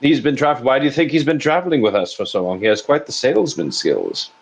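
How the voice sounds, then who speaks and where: A man playing in a tabletop game, describing his character's spell and arguing calmly and persuasively. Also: mid-range voice, fairly quick, creaky. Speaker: player. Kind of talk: casual tabletop game play.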